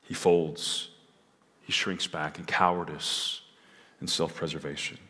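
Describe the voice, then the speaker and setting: A man's voice: rumbling low, level tone, a little slow, bright, forceful tone, husky, long reverb tail. A man preaching a sermon in a church, earnest and building to emphatic peaks, often restarting his words. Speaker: pastor. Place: church sanctuary.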